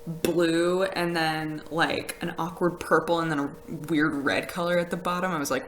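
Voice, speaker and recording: A woman's voice: deep voice, fairly even intonation, moderate pace, few pauses, low-quality recording. A woman chatting casually on a live stream, rambling with fillers and laughs as she reads messages from chat. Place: house with a conservatory.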